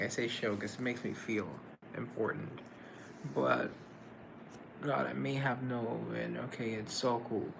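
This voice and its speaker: A man's voice: mid-range voice, creaky, noisy background. A young man hosting a casual livestream, rambling and self-deprecating as he reads and answers viewers' comments. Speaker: livestream host.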